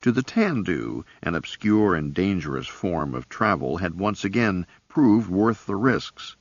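A man reads scripted narration in a deep, gravelly voice, slow and measured yet lively in pitch. The sound is dull and lo-fi, as on an old cassette audiobook. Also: no echo. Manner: measured, expressive reading.

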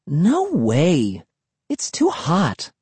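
A man's voice: mid-range voice, big pitch swings, moderate pace, warm tone, breathy edge, dry recording. A man voicing a reluctant teenage girl who whines and complains in a storybook reading. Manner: whining, complaining.

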